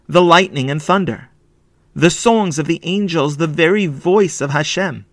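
A man narrating a children's story expressively, slowing and hushing for sad moments. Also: medium pitch, no room sound. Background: faint violin music.

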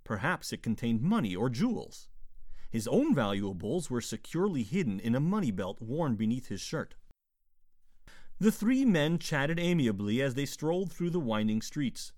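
A man reads a novel aloud in an animated, up-and-down voice, measured and clear. The recording is close and dry, with no room sound at all. He gives each character a light touch without leaving his own voice. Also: medium pitch, no echo. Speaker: audiobook narrator. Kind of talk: scripted narration.

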